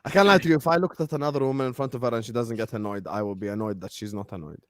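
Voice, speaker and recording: A man's voice: medium pitch, rapid-fire, dry recording, studio quality. A man from Jordan co-hosting a football fan live stream, joking and laughing in casual banter. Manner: animated, joking, laughs often.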